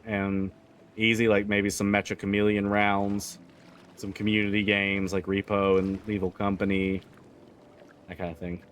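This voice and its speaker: A male streamer chats casually with his viewers in a low voice. He speaks slowly and easily, with jokes and the odd curse. Soft music plays faintly in the background. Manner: relaxed, joking, swears freely. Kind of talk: casual livestream chat.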